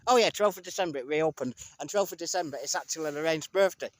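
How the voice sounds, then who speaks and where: A man's voice: on the high side, quick pace, no room sound. A man from England chatting and joking to the camera as he walks through town streets. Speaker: vlogger. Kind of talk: casual walking vlog narration.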